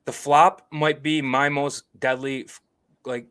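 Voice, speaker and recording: Excitable young man telling golf stories. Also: medium pitch, takes it slowly, smooth. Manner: excitable storyteller, swears freely, acts out quotes. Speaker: podcast co-host. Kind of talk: casual golf podcast chat.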